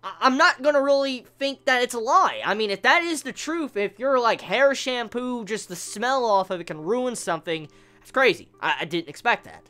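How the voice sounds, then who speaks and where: A woman giving a casual, blunt and profane anime review, with stammered restarts and drawn-out rhetorical questions. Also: on the high side, expressive, fairly bright tone. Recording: faint music behind.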